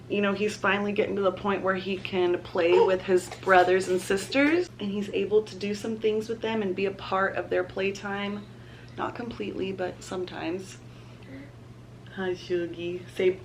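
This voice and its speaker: A woman's voice: mid-range voice, steady tone, normal speed, slight background noise. A young woman, chatting casually to camera as a mom vlogger and laughing often.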